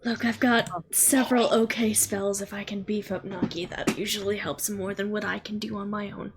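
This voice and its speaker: A woman's voice: medium pitch, level tone, moderate pace. A woman playing in a tabletop game, talking casually and laughing often. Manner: laughing, playful. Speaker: player.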